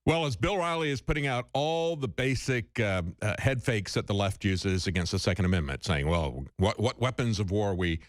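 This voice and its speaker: A man with a lowish voice gives measured commentary, stopping now and then on fillers. The recording is dry and close, with no room sound. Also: animated, dry recording. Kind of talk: talk radio commentary.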